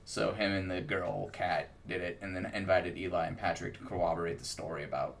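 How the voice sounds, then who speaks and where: Laid-back guy with a low gravelly voice, co-hosting a movie review. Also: fairly even intonation, brisk, slight background noise. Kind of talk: casual movie review chat.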